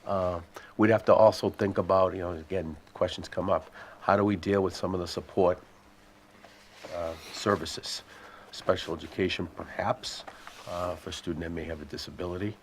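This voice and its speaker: A man serving as school superintendent, answering committee questions in a measured, explanatory way and thinking aloud as he goes. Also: deep voice, slight background noise.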